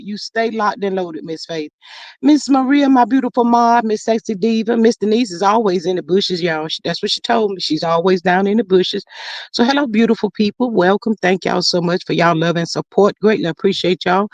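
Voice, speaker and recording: Lady doing her livestream, reading chat out loud, sassy and lively, dry close sound. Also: mid-range voice, no room sound. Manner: lively, sassy, drawn-out greetings to viewers. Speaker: livestream host. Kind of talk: casual livestream chat, reading comments aloud.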